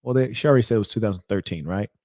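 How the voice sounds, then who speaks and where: A man's voice: lowish voice, racing, darkish tone, no room sound, clean studio sound. A man hosting a reaction video, speaking in an indignant, rambling and emphatic way. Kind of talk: reaction commentary.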